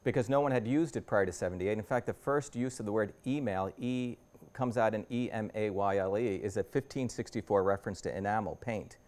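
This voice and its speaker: A man in his fifties speaks to a university audience as a guest lecturer, his voice fairly low and darkish, his pace a little fast. Talking through his slides conversationally, he often backs up and rephrases.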